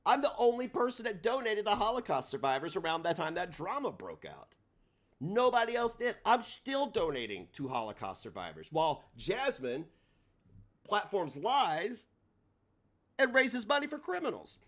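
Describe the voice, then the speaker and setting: A man hosting a livestream, ranting in a combative, profane way, his delivery swinging between loud and soft. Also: high-pitched, huge pitch swings, normal speed. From United States. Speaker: livestream host.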